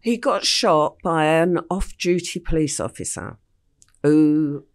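An older woman from England, a podcast guest recounting her life story in a plain, unhurried way with frequent ums. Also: low voice.

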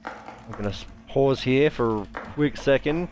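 A man's voice: medium pitch, measured pace, a little mellow, a little hiss or hum. A man giving foul-mouthed gameplay commentary, jumpy and cursing constantly. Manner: swears constantly, jumpy, shrieks when startled. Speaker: let's player.

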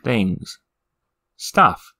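A man's voice: drawn-out words, bright, forceful tone, full character voice. A man voicing a nervous, shifty little demon who lives in a picture box and talks in an evasive mutter.

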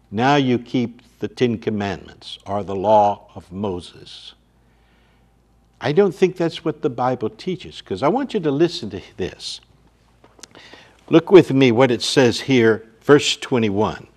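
A man's voice: mid-range voice, very animated, takes it slowly, a little mellow. A man preaching a sermon as pastor in a church, reading scripture aloud with rising force.

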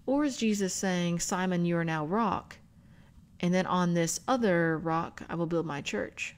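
A woman hosting a book club video, explaining scripture and spelling out words in an unhurried teaching manner. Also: fairly low pitch. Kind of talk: bible study teaching.

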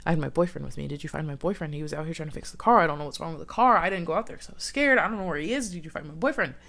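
A woman's voice: sits low, very fast, creaky, fairly bright tone. A woman voicing a frightened young woman who pleads and asks anxious questions. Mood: pleading.

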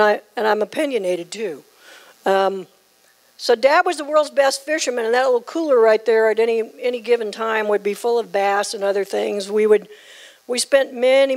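A woman in her sixties from the southern United States, giving a joking, emphatic keynote speech. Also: fairly high pitch. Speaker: keynote speaker. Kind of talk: humorous after-dinner speech.

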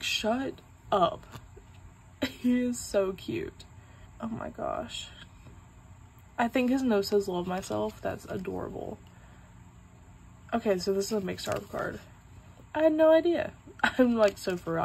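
A chatty young woman in her twenties rambles through an unboxing, laughing often and tossing in filler words. Her voice carries a steady gravelly fry, and a faint hum of noise sits under the room sound. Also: medium pitch, rough recording. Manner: chatty, giggly, rambling with many likes. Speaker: vlogger. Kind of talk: casual unboxing chat.

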